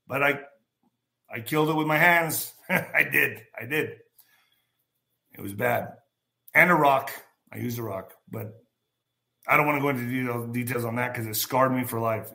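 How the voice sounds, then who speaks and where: A man hosting a show, telling a rambling, anecdotal story in a casual monologue and often clearing his throat. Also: mid-range voice, sharp tone.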